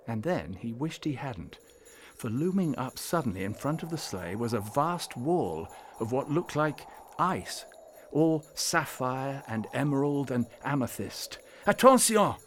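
Male narrator for a storybook, measured and gently expressive, mid-pitched, faint hiss behind.

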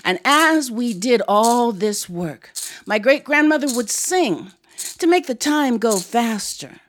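A woman storyteller from Ohio, USA, tells a family story live to a studio audience and breaks into song, leading them in call-and-response. Her voice is a little high and expressive, and she speaks slowly. There is slight background noise.

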